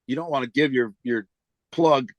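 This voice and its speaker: Brief: man, street slang storyteller, medium pitch, dry close sound. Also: normal speed, no echo, muffled recording. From United States. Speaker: interview guest. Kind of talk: casual storytelling.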